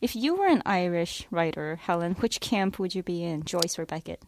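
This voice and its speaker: A woman's voice: fairly low pitch, animated, normal speed, a little mellow, slight background noise. Curious woman host asking questions. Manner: curious, brief questions and affirmations. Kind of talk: radio interview.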